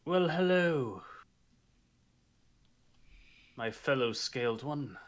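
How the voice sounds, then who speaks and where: A man's voice: mid-range voice, expressive, measured pace, close to an everyday voice. A man voicing a fussy, pompous dragonborn noble who talks with mock-genteel politeness. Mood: relieved.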